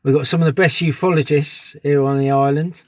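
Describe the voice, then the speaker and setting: A man's voice: a little high, steady tone, fairly quick, no room sound. A man live streaming outdoors at dusk on a phone, chatting casually and greeting viewers by name. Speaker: live streamer on a sky watch.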